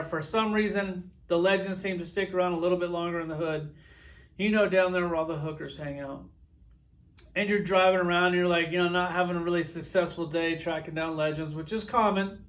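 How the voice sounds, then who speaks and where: A man with a notably high-pitched voice rants straight to camera in a profane, sarcastic comedic style. He spins crude stories and breaks into heated outbursts. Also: fairly even intonation, brisk, a bit bright. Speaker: toy collector reviewer.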